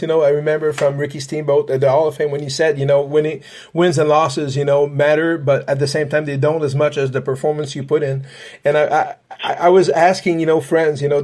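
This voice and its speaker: A man with a fairly high voice hosts a casual podcast interview. He rambles and restarts often, stacking fillers as he circles toward his questions. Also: darkish tone. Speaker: podcast host, paranormal investigator.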